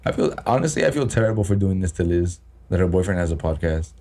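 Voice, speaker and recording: A man's voice: sits low, expressive, quick pace, darkish tone. A man co-hosting a casual podcast chat, joking crudely and swearing often. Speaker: podcast co-host.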